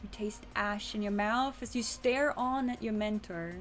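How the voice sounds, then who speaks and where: A woman's voice: mid-range voice, measured pace. A young adult woman streaming, chatting casually and reading a story game aloud, swearing now and then and talking to her chat. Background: faint music.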